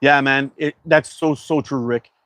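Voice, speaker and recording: A man's voice: mid-range voice, fairly even intonation, unhurried, sharp tone, no echo. A man from Canada hosting a casual livestream, chatting and reading viewer comments aloud in a loose, rambling way. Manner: laid-back, rambling with fillers. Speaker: livestream host.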